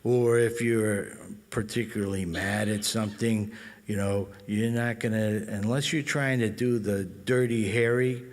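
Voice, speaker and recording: A middle-aged man leading a band and explaining jazz phrasing in a relaxed, talky way, scatting rhythms aloud. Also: on the low side, moderate pace, long reverb tail. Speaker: bandleader and guitar teacher. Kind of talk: explaining music in a clinic.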